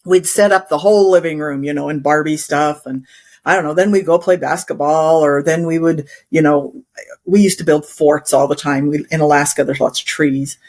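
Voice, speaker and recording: A woman's voice: low-pitched, fairly even intonation, normal speed, darkish tone. A middle-aged woman from Wyoming, an interview guest chatting and rambling through childhood stories with frequent laughter. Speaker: interview guest, instructional designer. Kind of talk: casual storytelling in conversation.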